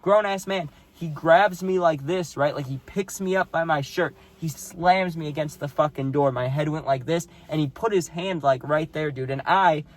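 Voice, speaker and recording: A young man telling a personal story in a casual, animated way, full of "like" and "dude". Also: fairly high pitch, moderate pace, hardly any pauses. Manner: animated, heavy use of "dude" and "like".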